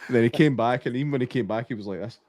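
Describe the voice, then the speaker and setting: A man's voice: medium pitch, racing, a little mellow, no room sound. A man hosts a podcast in a jokey, casual way. His voice is dry and close, with no room sound. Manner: jokey, laughs often. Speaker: podcast host.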